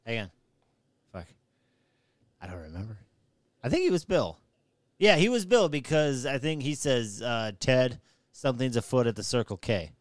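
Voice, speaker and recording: A man's voice: mid-range voice, very animated, normal speed, long pauses, no echo, clean studio sound. A man in a casual podcast chat, telling stories animatedly, swearing freely and acting out quotes. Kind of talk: casual chat about movies.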